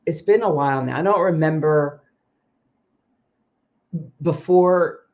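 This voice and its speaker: A woman's voice: sits low, takes it slowly, darkish tone. A woman hosting a livestream who tells personal stories in a chatty way, with frequent ums and self-corrections. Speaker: livestream host, expat coach. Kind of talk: casual personal storytelling. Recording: slightly muffled livestream audio.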